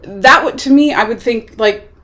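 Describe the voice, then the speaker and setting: A woman's voice: a little high, normal speed, fairly bright tone. A young woman vlogging a casual movie review, rambling and chatty with lots of filler words. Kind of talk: casual chat.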